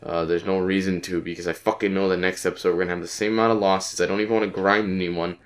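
A man with a sick voice giving casual let's-play commentary, frustrated and swearing, repeating phrases in quick bursts. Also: low voice, flat delivery, faint music behind. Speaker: gaming channel host.

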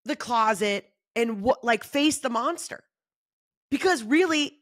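A woman comedian talking in a casual solo monologue, animated and swearing freely, acting out other people's voices. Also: measured pace, no room sound, clean studio sound. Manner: acts out quoted voices in shifting pitch. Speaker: comedian and podcast host.

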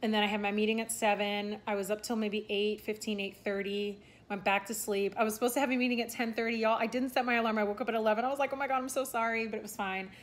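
A woman's voice: medium pitch, steady tone, fast talker, few pauses. A young woman chatting casually in a vlog, rambling with lots of fillers and restarts. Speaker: vlogger and aspiring content creator. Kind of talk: casual talking-head vlog.

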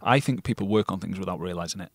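A British actor telling stories as a guest in a casual interview, blunt and swearing freely. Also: male voice, low voice, fast talker, creaky, dry recording. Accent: non-RP British. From Britain.

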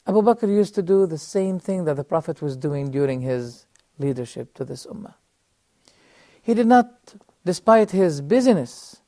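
A middle-aged man teaching a religious lesson on a TV program, telling a story earnestly with measured pauses and rhetorical questions, speaking straight to his audience. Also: high-pitched, dark tone, no room sound. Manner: addresses the audience directly. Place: TV studio.

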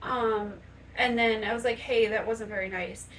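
A woman's voice: fairly high pitch, fairly even intonation, moderate pace, fairly bright tone, far from the mic, a little hiss or hum, poor audio. A woman vlogger talking earnestly and conversationally while doing her makeup in a home bathroom, often acting out quoted speech. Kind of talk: casual chat to camera while doing makeup.

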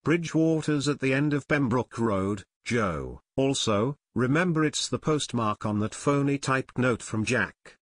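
A man's voice: mid-range voice, lively intonation, unhurried, few pauses, dry recording, clean studio sound. A man reading an earnest teenage boy sleuth. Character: earnest teenage boy detective, older brother.

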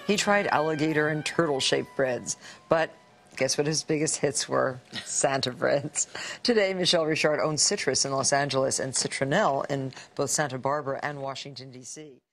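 A man's voice: medium pitch, normal speed, vocal fry, a bit bright, faint music behind. A man presenting a TV cooking show in an upbeat tone.

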